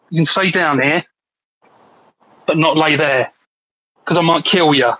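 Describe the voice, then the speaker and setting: Man, English accent, bright forceful voice, joking, rambling, dry close sound. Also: fairly high pitch, no room sound, low-quality recording. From England. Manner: joking, rambling, says "like" often. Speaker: livestream co-host. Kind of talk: casual live chat.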